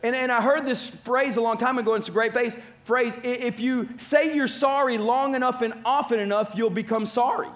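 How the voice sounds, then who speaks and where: A man's voice: very high voice, fairly even intonation, brisk, few pauses, fairly bright tone. A man preaching a sermon as pastor, emphatic and repeating his key phrases.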